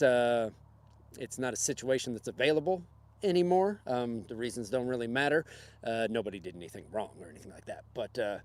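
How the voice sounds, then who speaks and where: A man's voice: mid-range voice, a little mellow. A man casually telling a personal story on a livestream in a rambling, conversational way with many fillers and chuckles. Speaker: livestream host.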